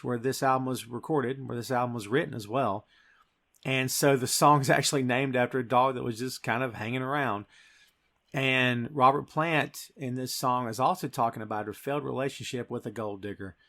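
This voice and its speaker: A man's voice: mid-range voice, a bit bright. A man hosting a podcast in casual chat, talking with gushing enthusiasm. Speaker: podcast host.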